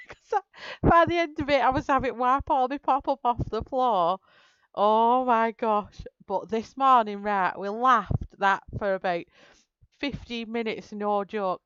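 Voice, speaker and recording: A woman's voice: a little high, a bit bright, clear, resonant tone, no echo, lo-fi sound. A woman hosting a colouring live stream, telling a story in casual chat and laughing through her words.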